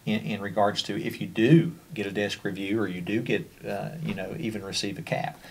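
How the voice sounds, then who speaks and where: A man's voice: on the low side, steady tone, brisk, gravelly, slight background noise. A man with a Kentucky accent presenting a special education training over slides, in a conversational way with frequent fillers and restarts.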